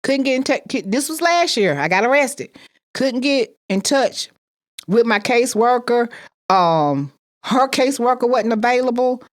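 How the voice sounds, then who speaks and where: A woman's voice: on the high side, expressive, measured pace. Emphatic woman telling a story. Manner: emphatic, repeats phrases, acts out quoted voices. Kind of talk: animated personal storytelling.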